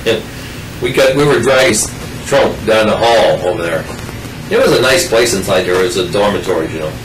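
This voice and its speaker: An older man with a lowish, animated voice talks fairly quickly, spinning a rambling, folksy personal story in a casual oral-history way, full of restarts and asides. He's far from the mic, so the sound is roomy, with faint music in the background.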